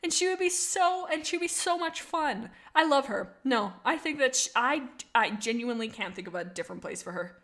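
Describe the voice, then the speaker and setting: A young woman talks casually on a live stream, reading chat and gushing with excitement. Her voice sits fairly high. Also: normal speed, few pauses.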